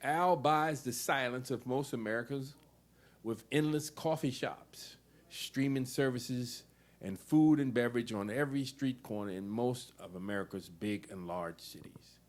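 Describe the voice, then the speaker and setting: A man's voice: mid-range voice, a little slow. A man introducing his essay in a loose, rambling way, then reading it aloud. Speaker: poet and event organizer.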